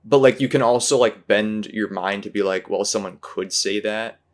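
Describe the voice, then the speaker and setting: A man's voice: on the low side, moderate pace. A man hosting a casual movie discussion, rambling and hesitant, full of fillers and restarts. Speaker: podcast host.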